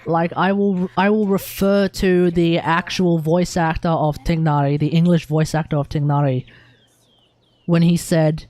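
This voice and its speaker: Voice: mid-range voice, level tone, a little slow, a little mellow, no echo. A young adult with an Australian accent, chatting casually on a game live stream, rambling, swearing freely and restarting sentences.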